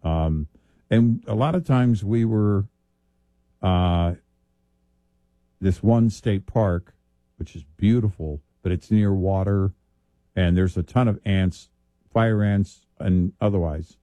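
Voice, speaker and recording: A man from Texas talks easily in a very low, mellow voice, dotting the chat with short agreements. The sound is dry and close to the mic. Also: slow, long pauses, dry recording. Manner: easygoing, many short agreements. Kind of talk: casual chat.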